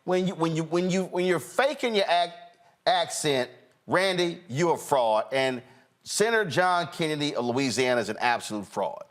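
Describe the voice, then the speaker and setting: A man hosting a loose political commentary show, talking in a mocking, animated way. He breaks off now and then while he tries to get clips to play. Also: fairly high pitch, normal speed. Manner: animated, mocking, talks while fumbling with playback. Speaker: host.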